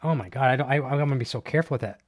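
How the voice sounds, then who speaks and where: A man hosting a live online show, chatting casually and excitedly while unboxing, with many fillers and restarts. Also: mid-range voice, rapid-fire, no room sound. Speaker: host of a live gear show.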